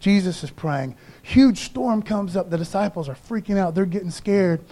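A man's voice: sits high, normal speed, dark tone. A man preaching a casual, slangy sermon and acting out voices of the people in his story. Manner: laid-back slangy preaching, acts out voices.

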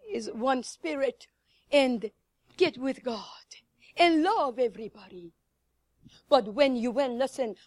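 High-voiced woman preaching with fervor. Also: dry recording. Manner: fervent, swings between loud exhortation and hushed whispers; laughs now and then, addresses the audience directly. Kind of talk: sermon.

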